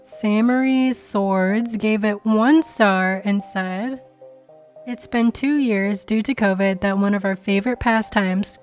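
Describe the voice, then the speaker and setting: A young adult woman reading movie reviews aloud and adding casual commentary full of fillers and restarts. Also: mid-range voice.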